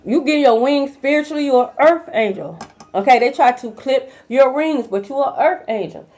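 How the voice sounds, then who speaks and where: A woman's voice: sits high, lively intonation, moderate pace, a little mellow. A young woman giving a casual tarot reading to her viewers, blunt and profane, full of slang. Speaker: tarot reader. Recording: dull lo-fi recording.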